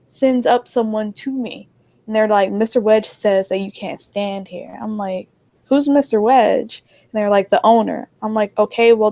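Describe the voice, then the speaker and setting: A woman's voice: on the high side, vocal fry. A young woman telling a story in casual chat, animatedly acting out what everyone said. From New Jersey. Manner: animated, acts out dialogue.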